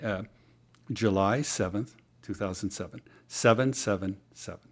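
A man's voice: on the low side, unhurried. A man, a guest on an interview show, telling a story in casual chat with many fillers and restarts.

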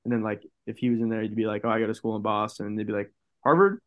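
A young man, a college football player, talking casually in a podcast interview, telling stories in a relaxed way and saying "like" often. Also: lowish voice, very fast, lo-fi sound. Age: young adult. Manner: relaxed storytelling, heavy use of "like".

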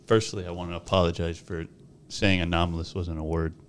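Man, young adult, podcast co-host, casual chat, teasing, musing, low pitch. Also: little pitch movement, a little fast.

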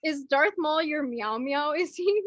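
A woman's voice: high voice, lively intonation, unhurried, dry recording. A woman co-hosting a podcast, cracking goofy jokes. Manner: goofy, mock-newscaster jokes. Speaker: podcast co-host. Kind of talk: casual chat. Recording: dull lo-fi mic.

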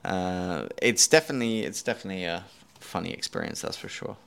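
A man's voice: sits low, a little fast, creaky, fairly bright tone, clean tone. A man hosting a podcast, chatting casually with a guest and making dry jokes. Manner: dry joking asides. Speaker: podcast host. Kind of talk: casual interview chat.

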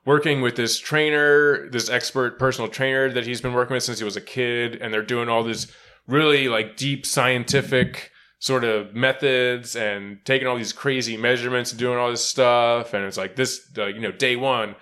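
Bright voiced dude cracking up, cursing, riffing on football. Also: male voice, medium pitch, normal speed. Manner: laughing, swearing, animated storytelling. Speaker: podcast co-host. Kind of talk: casual sports chat.

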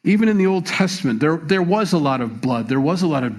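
A man's voice: fairly high pitch, quick pace. Guy pastor giving sunday announcements n sermon, laid back, lots of ums and restarts. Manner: relaxed, many fillers and repeated words.

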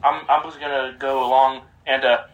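A man's voice: mid-range voice, level tone, normal speed, lo-fi sound. A man co-hosting a casual podcast, telling stories in a rambling way full of fillers. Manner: rambling, filler-heavy storyteller. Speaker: podcast co-host.

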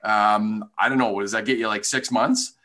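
A man with a bright, forward voice talks through his views as a podcast guest. He is earnest and passionate, circling back with fillers and restarts as he thinks aloud. His delivery stays conversational rather than polished. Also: lowish voice, fairly even intonation, moderate pace. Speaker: golf business leader, podcast guest.

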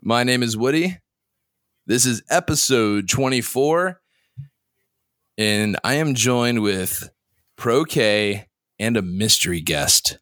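A man hosting a podcast in casual chat, asking teasing, probing questions with quick restarts. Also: medium pitch, expressive, fairly bright tone, dry recording, clean studio sound. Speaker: podcast host.

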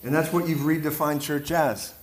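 Pittsburgh preacher with a raised voice. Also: male voice, a little high, moderate pace. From Pittsburgh area, Pennsylvania. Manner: energetic, repeats words, checks in with "right?" and "amen?". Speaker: guest preacher. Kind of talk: charismatic preaching to a leadership group. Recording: echoey room with audience responses. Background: audience responses.

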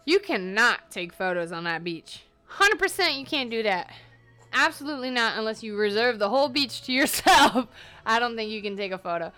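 Young woman rambling thru a story, high voice, cusses a lot, laughs a bunch. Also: moderate pace, soft background music. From United States. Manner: animated, swears freely, laughs through her stories. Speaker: podcast host. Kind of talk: casual storytelling monologue.

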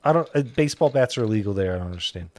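Animated, skeptical male podcast co-host. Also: on the low side. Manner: animated, skeptical, halting with restarts. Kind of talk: casual chat reviewing a web series.

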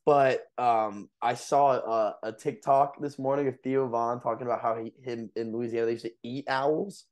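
A man's voice: medium pitch, fairly even intonation, normal speed, few pauses, darkish tone. A young man on a podcast telling a story in a casual, rambling way, full of fillers and laughs. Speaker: podcast co-host.

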